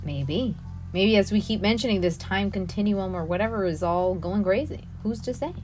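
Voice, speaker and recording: A woman's voice: medium pitch, normal speed, a little mellow, soft background music. A woman co-hosting a podcast, chatting casually while playing a video game, giggling often and talking expressively. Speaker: podcast co-host.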